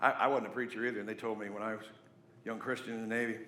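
A man's voice: lowish voice, fast, slight background noise. Man, middle-aged, pastor, sermon, storytelling, roomy echo. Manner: storytelling, animated, jokey asides.

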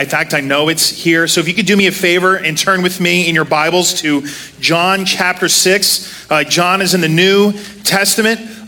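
A man in his thirties delivers a relaxed, conversational sermon, seated and full of self-deprecating jokes. His voice is bright and slightly high, and he tells stories casually. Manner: self-deprecating, joking storyteller. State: walking with a limp, sitting to preach. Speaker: preacher.

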